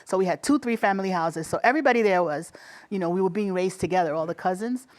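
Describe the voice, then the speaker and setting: A middle-aged woman with a Bronx accent, telling lively stories in an interview and often laughing. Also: on the low side, quick pace. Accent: Bronx New York. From the Bronx, New York. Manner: animated storyteller acting out quoted voices, laughs often. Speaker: guest, state commissioner. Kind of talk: conversational interview storytelling.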